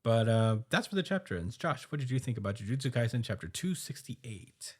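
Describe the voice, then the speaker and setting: A man co-hosting a podcast, casually recapping a manga chapter with lots of fillers and quick quoted asides. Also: mid-range voice, very animated, breathy edge. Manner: loose, filler-heavy retelling with quick quoted asides and laughs.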